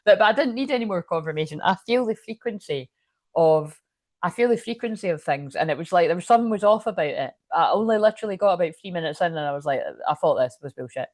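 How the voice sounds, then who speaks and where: A woman's voice: fairly low pitch, animated, fast talker, darkish tone, no echo, clean studio sound. A woman, talking casually about spirituality in a rambling, frank way, swearing freely and full of fillers and restarts. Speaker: spiritual channel and tarot reader. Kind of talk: casual spiritual livestream talk.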